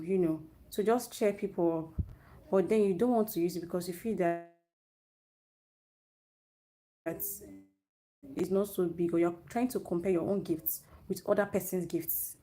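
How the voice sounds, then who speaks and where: A woman's voice: on the low side, warm tone. Earnest woman giving a faith talk. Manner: earnest, unhurried, restarts phrases. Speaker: youth speaker. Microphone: live stream, own network.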